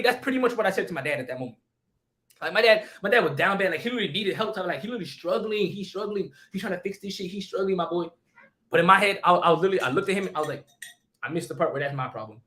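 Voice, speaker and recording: A young man on a stream tells a story at breakneck speed in a bright, sharp voice. His slang is profane, and he keeps repeating himself and restarting lines. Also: sits high.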